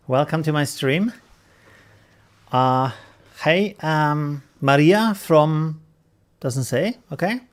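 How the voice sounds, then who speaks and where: A man's voice: a little high, lively intonation, very slow, pauses often. A man with a German accent hosting a casual live stream, greeting viewers by name and chuckling often.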